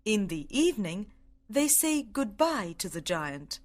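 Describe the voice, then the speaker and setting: A woman reading a simple story aloud with careful, clear delivery for English learners. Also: medium pitch, very animated, measured pace.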